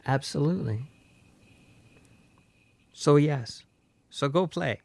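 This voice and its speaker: Male co-host, gravelly midrange voice, dry close sound, rambling and casual. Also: on the high side, slow pace, darkish tone, dry recording. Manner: rambling, many fillers and restarts. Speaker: podcast co-host. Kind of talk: casual chat.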